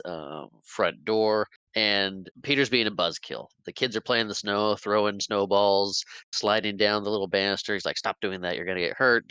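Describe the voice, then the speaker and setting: A man's voice: fairly low pitch, clear, resonant tone, no echo, poor audio. A man co-hosting a podcast, casually retelling a film's scenes and acting out the characters' lines. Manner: animated retelling, acts out character lines with laughs. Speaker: podcast co-host. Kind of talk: casual movie recap chat.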